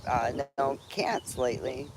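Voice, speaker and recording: A woman's voice: very deep voice, animated, a little slow, loud music behind the voice. A middle-aged woman chatting cheerfully on a live stream, rambling with restarts and frequent laughs. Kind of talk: casual live-stream chat. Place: outdoors in a backyard under a tree. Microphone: phone live stream. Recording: noisy outdoor phone stream. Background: birds and chickens around.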